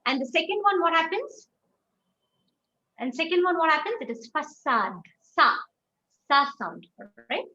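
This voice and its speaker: Woman language tutor, high-pitched, patient and explanatory, echoey and slightly muffled online-call sound. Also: expressive, normal speed, pauses often, bright, forceful tone, slight background noise. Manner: patient, explains step by step with frequent check-in questions. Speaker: French teacher. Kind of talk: online class instruction. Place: online video class.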